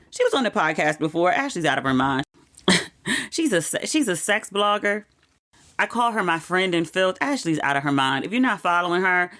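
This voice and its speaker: With a voice that sits low, a woman runs her own podcast, chatting casually and frankly in a monologue. Frequent "like" asides pepper her talk, and personal news makes her emotional and animated.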